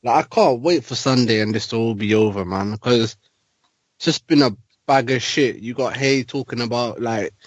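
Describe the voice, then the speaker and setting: A man's voice: mid-range voice, moderate pace, dry recording, rough recording. A man co-hosting a casual boxing chat, ranting in annoyance and swearing heavily. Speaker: podcast co-host.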